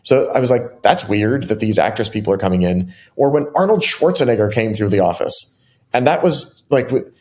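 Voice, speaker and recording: A middle-aged man, a software engineer guest in an interview, telling stories casually and animatedly with many fillers and restarts. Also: on the high side, expressive, moderate pace. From United States.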